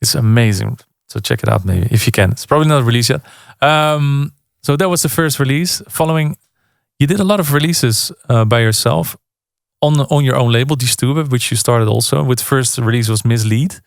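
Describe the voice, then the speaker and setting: A male radio host asks questions in a friendly, easygoing manner, often chiming in with agreement. His voice has a gravelly edge, and the studio sound is close and dry. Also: medium pitch, moderate pace, no echo. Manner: friendly, frequent backchannel agreement. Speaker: radio show host interviewing. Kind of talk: casual radio interview.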